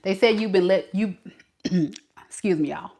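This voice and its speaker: A woman's voice: mid-range voice, a little slow, vocal fry, dark tone. A woman giving a casual tarot reading in a sassy, teasing way, often trying not to laugh. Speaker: tarot reader.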